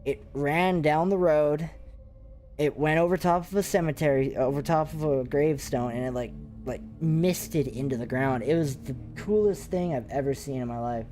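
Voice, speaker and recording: A man who hosts a paranormal investigation channel, telling ghost stories in a casual live chat with excited, rambling talk full of fillers. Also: a little high, normal speed, faint music behind. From Canada.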